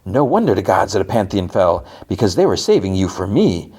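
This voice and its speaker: A man's voice: fairly low pitch, very animated, fairly quick, darkish tone, breathy edge. A man voicing a grandiose male villain, a creature of light who wants a body, speaking in a gushing, theatrical way.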